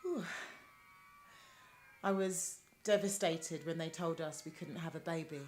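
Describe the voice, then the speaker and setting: A woman's voice: deep voice, unhurried, a little mellow, slight background noise. An actress playing an emotional, apologetic woman running a hotel, laughing and tearing up often. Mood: tearful. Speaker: hotel manager. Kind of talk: TV drama acting.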